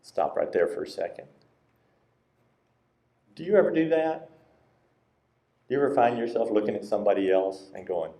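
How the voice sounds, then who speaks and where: A man with a low, mellow voice preaches a sermon, talking to the congregation in a conversational way. He jumps into a higher, livelier voice when he acts out quoted lines. His words carry the echo of a large church sanctuary. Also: sing-song, normal speed, pauses often. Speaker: pastor. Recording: roomy church sanctuary sound.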